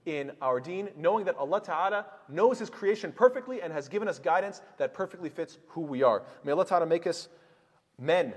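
A man's voice: on the high side, expressive, a little fast, husky, big-room sound. A man giving an earnest sermon, telling stories and asking rhetorical questions. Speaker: imam.

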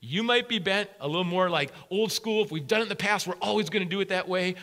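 A man's voice: high voice, quick pace, fairly bright tone. A man preaching a sermon as a pastor, emphatic and repeating key phrases for weight.

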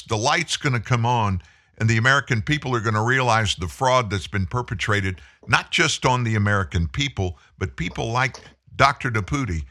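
A man's voice: mid-range voice, bright, forceful tone. A man hosting a talk show interview who speaks emphatically and urges his listeners to act. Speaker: host.

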